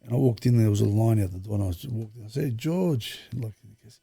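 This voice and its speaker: Middle-aged man, guest storyteller; low, gravelly, husky delivery, rambling anecdotes with quoted dialogue. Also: lively intonation, fast talker, mellow. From Australia. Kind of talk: casual storytelling interview.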